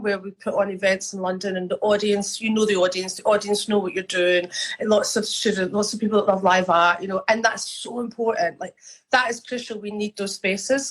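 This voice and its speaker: A woman's voice: medium pitch, poor audio. A middle-aged woman with a Scottish accent, a guest artist talking frankly and chattily in an interview, often restarting her sentences. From Scotland. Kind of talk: conversational interview.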